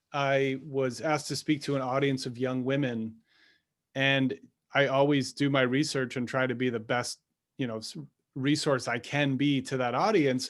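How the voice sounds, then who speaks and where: A man who works as a public speaker, giving a fluent, measured answer on a video call panel. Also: medium pitch.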